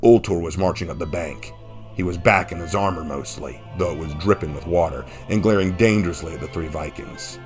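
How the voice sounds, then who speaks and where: A man narrating a fan-written action story in a steady, dramatic reading. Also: sits low, brisk. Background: faint background music.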